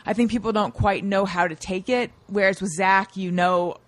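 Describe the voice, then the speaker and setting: A woman's voice: medium pitch, fairly even intonation, moderate pace, no room sound. A woman guest on a comedy podcast, chatting casually and thinking aloud.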